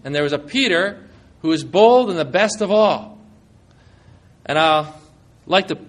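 High-voiced animated male preacher. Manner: animated storytelling, acting out quoted lines. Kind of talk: sermon.

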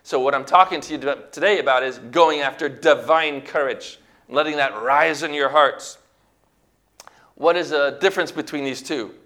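Bright high-voiced male preacher. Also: moderate pace. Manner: emphatic, rhetorical questions to the congregation. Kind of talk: sermon.

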